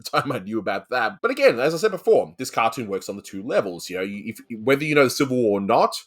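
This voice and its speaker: A man's voice: mid-range voice, big pitch swings, fast. A man hosting a casual cartoon review chat, talking loosely with fillers. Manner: chatty, many fillers and laughs. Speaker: host.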